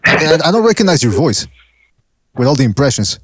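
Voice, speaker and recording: Brief: male host, teasing and jokey, slightly high voice, dry sound. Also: sing-song, brisk, slightly rough, no echo. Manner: jokey, teasing, laughs often. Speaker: podcast host. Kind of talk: call-in show hosting.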